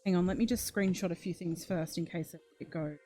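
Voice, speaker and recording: Speaking briskly in a lowish, steady voice, this mellow-voiced true crime channel host keeps up casual livestream commentary over soft background music. She reads viewers' comments aloud, reacts to chat, and grows emotional to the point of gasps and near tears.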